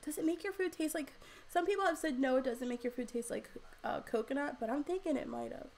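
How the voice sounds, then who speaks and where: A young woman talks through a casual home livestream, reading viewer comments aloud into a desk mic. She chatters along with plenty of "like"s and frequent laughter. Her voice sits high, with a faint hum of ambience behind her. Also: fast, a little mellow. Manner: chatty, laughs often, many "like" fillers. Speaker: livestream host. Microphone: desk microphone.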